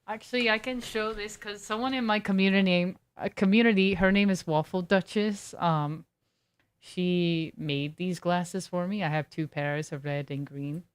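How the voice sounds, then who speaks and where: Woman streaming a game, kinda low voice, just chatting and reading chat out loud. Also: fairly even intonation, normal speed, smooth. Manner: chatty, laid-back, reads chat aloud and riffs on it. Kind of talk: casual chat with stream viewers.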